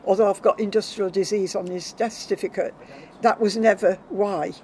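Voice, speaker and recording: A woman's voice: mid-range voice, steady tone, normal speed, dark tone, slight background noise, rough recording. An older woman speaking as an interview guest, candid and emotional, often trailing off with repeated 'and'. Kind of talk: emotional personal storytelling.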